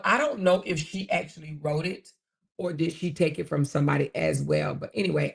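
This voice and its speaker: A woman hosting a casual commentary channel, chatting sassily to her viewers and often pausing to find clips. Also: fairly low pitch, vocal fry.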